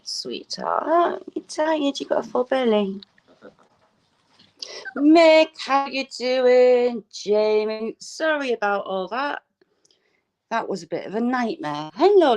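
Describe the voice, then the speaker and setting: A woman's voice: mid-range voice, slight background noise, low-quality recording. A woman hosting a casual live stream at home, cooing at puppies in a sing-song voice and greeting viewers by name.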